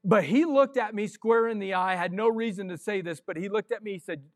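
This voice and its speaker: Man, pastor, sermon, fiery and excitable, sudden yells, high voice, dry sound. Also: a little fast, few pauses, no room sound, soft background music. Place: church sanctuary.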